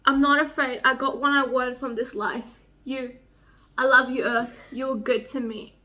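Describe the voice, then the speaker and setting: A woman's voice: high voice, flat delivery, moderate pace, bright, forceful tone. A woman reading as a tender dying young woman. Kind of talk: reading a novel aloud.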